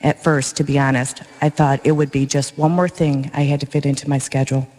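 A woman's voice: a bass voice, flat delivery, a little fast, darkish tone. A woman from a parish evangelization commission giving her personal faith testimony to a congregation in an earnest, plain-spoken, heartfelt way. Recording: long reverb of a large church.

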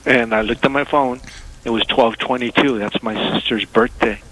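A man calling in to a radio show, speaking hesitantly with many pauses and fillers. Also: mid-range voice, fairly even intonation, fairly bright tone, low-quality recording. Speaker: caller. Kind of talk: phone-in call.

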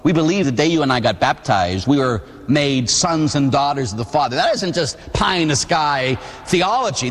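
A man from Pittsburgh giving a Catholic testimony sermon, telling a personal story with comic, animated energy. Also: medium pitch, moderate pace. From Pittsburgh, USA. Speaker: Catholic preacher. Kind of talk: testimony sermon to a live audience. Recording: long hall reverb.

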